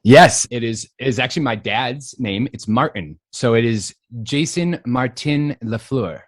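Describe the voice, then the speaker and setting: A man's voice: mid-range voice, animated, unhurried, no echo. A man in his thirties from Western Massachusetts, chatting animatedly as an interview guest, with lots of fillers and easy laughter. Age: 30s. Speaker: guest actor. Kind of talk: casual interview chat.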